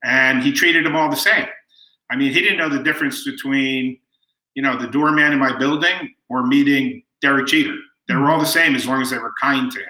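Speaking a little fast in a medium-pitched voice, a middle-aged interview guest tells warm stories about his family, repeating what others said. The sound is roomy, and the recording quality is low.

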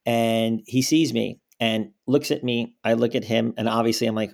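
A man's voice: mid-range voice, moderate pace, vocal fry, hardly any pauses. A man in his forties, a school director, telling stories in a podcast interview and acting out what people said. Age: 40s. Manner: animated storyteller, acts out quotes.

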